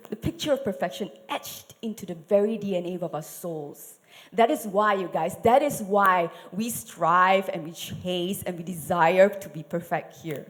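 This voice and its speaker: A woman telling a Bible story at a church service, animated, asking the audience questions and dropping to whispers for effect. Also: lowish voice. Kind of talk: dramatic storytelling sermon.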